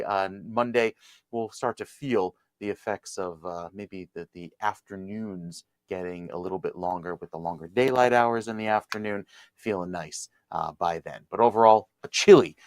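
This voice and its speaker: Man, TV meteorologist, relaxed, conversational, dry close sound. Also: lowish voice, no echo. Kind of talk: weather forecast and studio banter.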